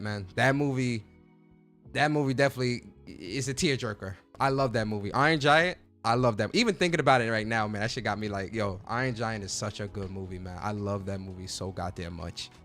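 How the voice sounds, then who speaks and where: A man in a casual livestream chat, chatty and slangy, his voice jumping up and down as he gets excited. He sits at a middle pitch, and soft music plays underneath him. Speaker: podcast host.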